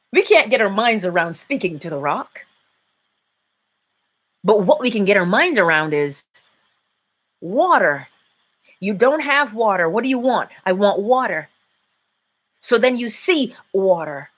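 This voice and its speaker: A woman hosting a live-stream inspirational talk, preaching in an animated way and laughing often. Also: mid-range voice. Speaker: inspirational speaker and host.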